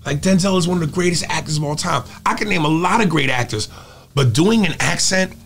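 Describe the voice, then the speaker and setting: A man's voice: a little high, brisk. A male comedian and impressionist telling stories in a casual interview. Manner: animated storyteller who drops into impressions.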